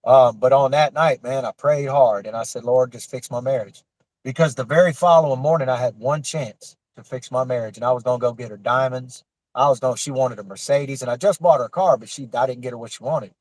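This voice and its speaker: A man, telling a raw, emotional personal story with cursing and halting restarts. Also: medium pitch, darkish tone, no room sound, rough recording. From Florida Panhandle.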